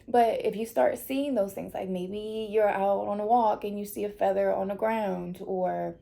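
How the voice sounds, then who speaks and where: A woman's voice: medium pitch, vocal fry, warm tone. A woman giving a tarot reading to her viewers, tearful and reassuring, laughing through her emotion. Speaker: tarot reader.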